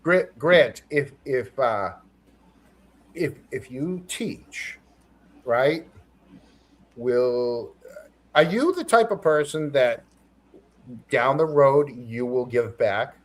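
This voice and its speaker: A man's voice: medium pitch, animated, very slow, long pauses. A man hosting a live talk show, chatting casually and stumbling over his words. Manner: chatty, stumbling, laughs easily. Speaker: host. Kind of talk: casual chat.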